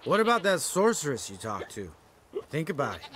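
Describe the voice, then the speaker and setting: A man's voice: fairly high pitch, wildly swooping pitch, fairly quick, fairly bright tone. An actor playing a brash, sarcastic male witcher who is drunk, mocking and quarrelsome.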